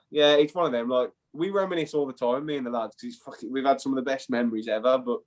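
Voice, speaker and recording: A man's voice: mid-range voice, fast talker. A young man with an English accent, chatting casually as an interview guest, swearing and calling the host "mate". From England. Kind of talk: casual chat.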